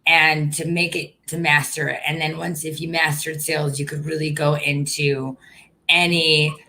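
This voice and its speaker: A woman's voice: sits low, level tone, normal speed, sharp tone, a little hiss or hum. A woman hosting a casual interview, talking in an informal, candid way with frequent fillers. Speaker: interview host.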